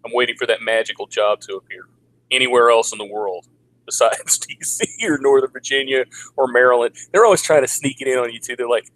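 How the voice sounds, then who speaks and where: A man's voice: steady tone, a little fast, fairly bright tone, poor audio. Crude, sarcastic man in his forties. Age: 40s. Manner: crude, sarcastic, mocks people in high put-on voices. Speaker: vlogger. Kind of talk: casual livestream rant. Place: home in the Philippines.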